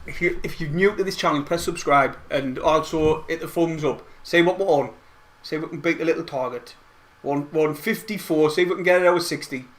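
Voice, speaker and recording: A man giving excitable, rambling play-by-play of a match from home, as host of a fan watch-along. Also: fairly high pitch, fairly quick. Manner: excitable, rambling fan commentary with mild swearing. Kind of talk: casual live play-by-play commentary. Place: at home, not at the stadium.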